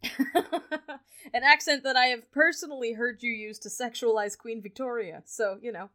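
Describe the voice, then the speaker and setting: A woman's voice: on the high side, moderate pace, bright, forceful tone. A young woman hosting a podcast, chatting casually and retelling a history story, laughing often. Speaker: podcast host.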